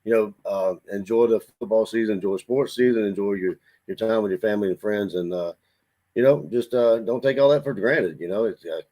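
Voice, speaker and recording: A man's voice: fairly low pitch, brisk, mellow. A man from the Washington DC area, a podcast co-host who talks in earnest, meandering reflections in casual sports talk.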